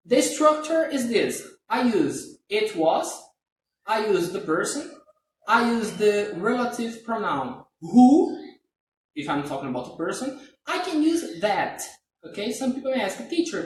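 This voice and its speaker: A man's voice: high voice, sing-song, a little slow. A man teaching English grammar in a live online class, patiently checking understanding again and again. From Brazil. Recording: roomy, distant from the mic, faint hiss.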